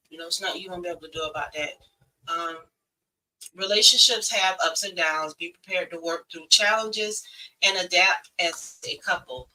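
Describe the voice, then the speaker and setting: A woman's voice: lowish voice, bright, forceful tone, recorded from a distance, low-quality recording. A woman giving blunt, preachy relationship advice in a casual live stream, talking straight to women viewers.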